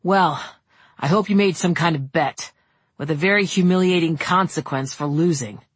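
A woman voicing a calm, protective young man who speaks dryly and firmly in a storybook. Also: fairly low pitch, normal speed, slightly rough, dry recording. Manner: calm, dry, firm.

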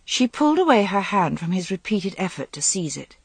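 Audiobook narrator, steady storytelling, dry close sound. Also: mid-range voice, fairly quick, vocal fry, slightly rough, dry recording. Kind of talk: scripted narration.

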